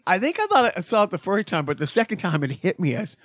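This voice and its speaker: A man's voice: high-pitched, very animated, fast talker, a bit bright, no room sound. Pria bersuara agak tinggi, rekaman kering. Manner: rambling, sarcastic, trails off and restarts. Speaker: podcast co-host. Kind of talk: casual chat.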